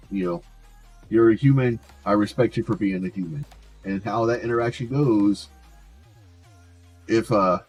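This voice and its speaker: A man's voice: lowish voice, a little mellow, husky. A man streaming a game, chatting casually and rambling, often restarting his words. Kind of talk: casual chat while gaming.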